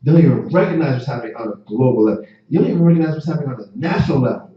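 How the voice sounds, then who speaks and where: A man's voice: medium pitch, expressive, rapid-fire. A man teaching a class like a sermon, impassioned and repetitive, often stammering and restarting. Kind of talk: street-preaching class sermon. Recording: distant, echoey, dull lo-fi.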